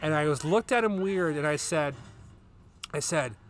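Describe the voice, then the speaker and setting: A man's voice: fairly high pitch, moderate pace. A man hosting a casual chat show with his wife, telling long rambling stories and swearing freely. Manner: rambling, profane storyteller. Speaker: podcast host.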